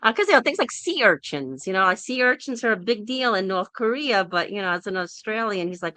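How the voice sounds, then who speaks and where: A woman's voice: mid-range voice, fairly quick, hardly any pauses, dry recording. A woman hosting a casual group discussion over an online call, telling stories and acting out the people in them. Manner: animated storyteller who acts out quoted people.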